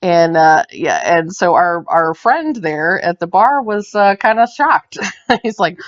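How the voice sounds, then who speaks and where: A woman's voice: lowish voice, lively intonation, a little slow. A woman knitting vlogger telling a story in casual chat while she knits on camera. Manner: chatty, tells anecdotes while knitting on camera. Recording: dull lo-fi sound.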